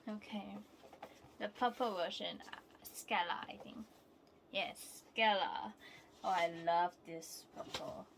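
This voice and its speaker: Young woman, casual unboxing vlog, excitable, slow-talking, noisy background. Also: medium pitch. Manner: excitable, squeals and laughs when delighted. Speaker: vlogger.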